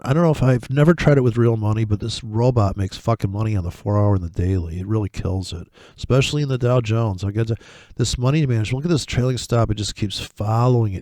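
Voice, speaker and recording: A man giving casual, rambling commentary over trading charts, swearing often and breaking into excited, mocking asides. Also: lowish voice, dry recording. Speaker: forex trading vlogger.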